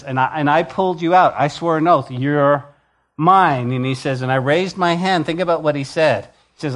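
Preaching man with big dynamic swings. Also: fairly high pitch. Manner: preaching with emphatic swings from loud to soft. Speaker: pastor. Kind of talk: sermon. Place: church.

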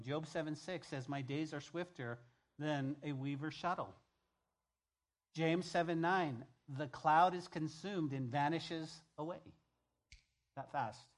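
Emphatic male pastor preaching. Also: a little high. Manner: emphatic, repeats key phrases, swings between loud and hushed. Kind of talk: sermon.

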